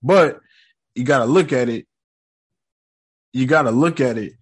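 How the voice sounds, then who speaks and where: A man's voice: mid-range voice, unhurried, husky. A man casually recapping a TV episode in slangy, joking talk, mockingly quoting the characters. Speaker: show recap host.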